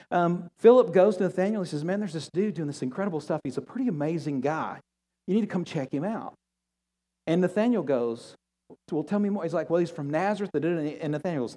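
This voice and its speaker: A pastor preaches with lively storytelling, slipping into the voices of the people he quotes. His voice sits a little high for a man. The sound rings with the long reverb of a church hall. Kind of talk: sermon. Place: church sanctuary.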